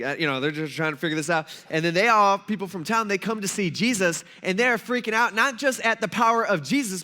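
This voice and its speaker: A man's voice: high voice, bright, forceful tone. A male pastor giving a casual, storytelling sermon and acting out the people in it. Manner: casual storytelling, acts out quoted voices.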